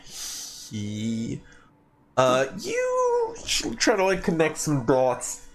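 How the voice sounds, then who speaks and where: A man narrating as game master of a tabletop game, with many pauses and fillers. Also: a little high, wildly swooping pitch, soft background music.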